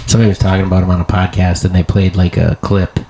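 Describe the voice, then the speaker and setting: Man, low pitch, gravelly fry, rambling, profane, comedy podcast co-host. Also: level tone, quick pace, background noise. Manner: rambling, profane, full of restarts. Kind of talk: casual podcast chat.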